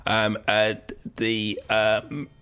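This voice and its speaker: A man's voice: on the low side, takes it slowly, clean tone. A man co-hosting a podcast, recapping a film in casual chat and acting out the characters' lines as he goes. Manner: animated, acts out characters' lines mid-recap. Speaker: podcast co-host.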